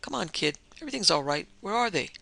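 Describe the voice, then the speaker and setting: A hard-boiled reporter barks short, blunt questions, as a male narrator plays him. The voice is gravelly with a sharp, forceful brightness. It sits right up against a dry mic. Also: sits high, very animated, fast talker, dry recording, full character voice, poor audio. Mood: urgent.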